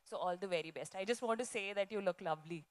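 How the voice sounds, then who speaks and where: A woman from the audience, speaking to the guest in an effusive, halting way. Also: mid-range voice. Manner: effusive, halting, full of fillers. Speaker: audience member asking a question.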